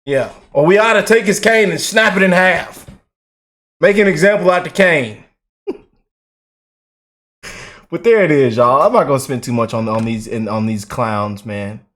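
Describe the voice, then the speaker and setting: Animated, mocking male commentary host. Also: a little high, moderate pace, pauses often. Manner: animated and mocking, slangy, repeats words, laughs often. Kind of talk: casual reaction commentary.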